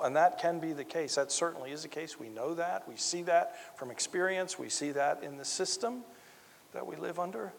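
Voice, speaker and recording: A man's voice: fairly high pitch, expressive, normal speed, creaky. A man preaching a sermon, earnest and emphatic, driving points home by repeating key phrases. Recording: long reverb of a large hall.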